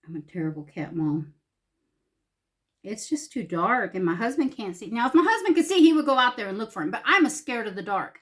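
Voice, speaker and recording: Woman vlogger, chatty and salty, tells a story at her makeup desk at home, breaks into laughs. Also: mid-range voice. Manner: salty, laughing, animated voices for quotes. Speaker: beauty vlogger. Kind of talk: casual storytelling while doing makeup.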